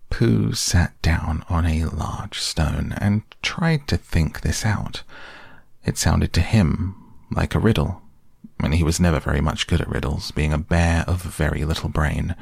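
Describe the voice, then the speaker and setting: A man reading a children's storybook aloud in a gentle, measured way. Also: low voice, steady tone, vocal fry, slightly rough, no room sound, studio quality. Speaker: narrator.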